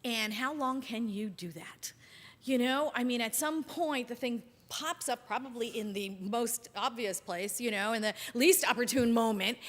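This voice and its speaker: A woman minister preaches in a loose, chatty style and keeps checking in with her listeners. Her voice sits fairly high for a woman. A long hall reverb trails behind every phrase. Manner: conversational and animated, asks the congregation questions. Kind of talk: sermon.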